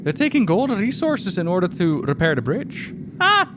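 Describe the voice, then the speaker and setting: A man chatting casually while streaming a game, animated and laughing often. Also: sits high, moderate pace, noisy background.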